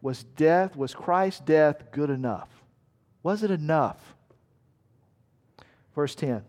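Earnest, fairly high-voiced male pastor. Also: slow, a little mellow. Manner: earnest, emphatic, with rhetorical questions. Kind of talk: sermon. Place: church meeting room.

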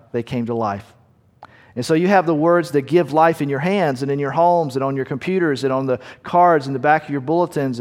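Man preaching a sermon in an echoing hall. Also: medium pitch. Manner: slows down to stress key words, drops to quiet at line ends. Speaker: pastor. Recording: long hall reverb.

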